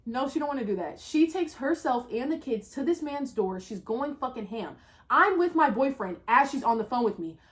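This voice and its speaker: A woman with a somewhat high voice tells a personal story in a casual vlog. Her delivery is slangy and full of swearing. She sinks into low asides and then flares into loud exclamations. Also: normal speed. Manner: animated, profane, swings from low muttering to loud exclaiming. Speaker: storyteller vlogger.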